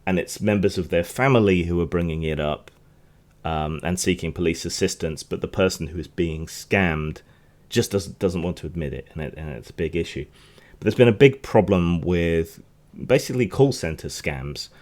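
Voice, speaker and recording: A man with a notably deep voice hosts a news podcast. He talks in a loose, rambling way, often restarting his sentences and drifting into side remarks. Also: moderate pace, darkish tone. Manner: rambling, chatty, frequent restarts and asides. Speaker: podcast host. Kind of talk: casual news commentary.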